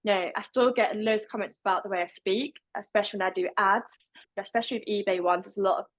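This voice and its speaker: A woman's voice: medium pitch, fairly even intonation, fast talker, low-quality recording. A young woman with a deaf accent, speaking as a podcast guest in casual interview talk, with a fairly level delivery and some words pronounced differently.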